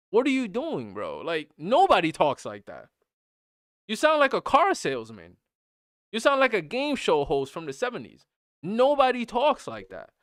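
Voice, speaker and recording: A man's voice: fairly high pitch, dry recording, clean studio sound. A man streaming a game, giving his blunt opinions in casual chat and often repeating himself. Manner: blunt, animated, repeats phrases. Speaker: gaming streamer. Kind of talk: casual opinion talk while gaming.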